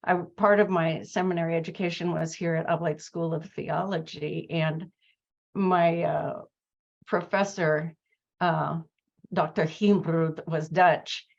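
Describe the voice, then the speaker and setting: A woman hosting a conversational interview tells a personal story, reflective and full of fillers and restarts. Her voice is lowish and gravelly, and the recording has its highs cut off.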